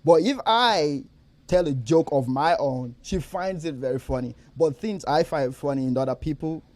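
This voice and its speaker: A young man co-hosting a podcast, telling a story in animated, casual chat, swearing and laughing as he goes. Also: fairly high pitch, moderate pace, no room sound. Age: young adult. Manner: animated storyteller, swears freely, laughs often, repeats himself. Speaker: podcast co-host.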